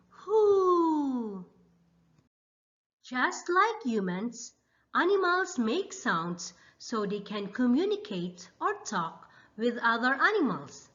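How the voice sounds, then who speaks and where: Brief: bright, very slow children's teacher, dull lo-fi sound. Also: female voice, on the high side. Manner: slow, lively, exaggerated teacher voice. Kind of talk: children's lesson. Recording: slightly dull lo-fi.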